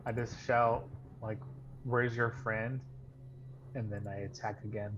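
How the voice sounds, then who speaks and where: A man playing in an online tabletop game, speaking quietly and hesitantly in casual chat. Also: mid-range voice, steady tone, unhurried, highs cut off, noisy background. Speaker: player.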